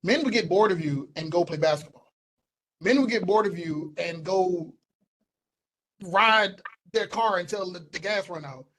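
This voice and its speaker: A young man co-hosting a casual podcast, talking in an animated, emphatic way and repeating points for stress. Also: sits high, a little slow, low-quality recording. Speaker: podcast co-host. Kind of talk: casual opinionated chat.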